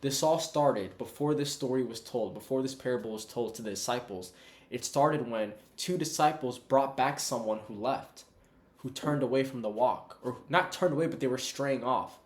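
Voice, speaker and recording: Man, casual preaching to camera, conversational, mid pitch, echoey room. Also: normal speed. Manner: conversational, calls viewers "bro". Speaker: online Bible teacher.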